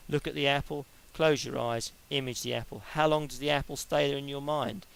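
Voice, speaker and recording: A middle-aged man talks through a sport psychology lecture in a relaxed, chatty way, laying out each step with homely examples. His voice has a gravelly, creaky edge and sits at an ordinary middle pitch. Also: fairly quick, poor audio. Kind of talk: informal spoken lecture.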